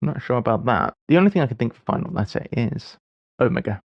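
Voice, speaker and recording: A man's voice: medium pitch, animated, quick pace, dry recording, dull audio. A man in his forties streaming live, musing aloud as he solves puzzles, with wry, self-deprecating asides. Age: 40s. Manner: muses aloud while solving puzzles. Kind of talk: casual livestream chat.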